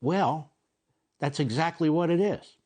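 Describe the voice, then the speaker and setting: A man's voice: on the high side, unhurried, darkish tone. A man in his sixties hosting a TV opinion show, delivering an emphatic monologue full of rhetorical questions. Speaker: TV host.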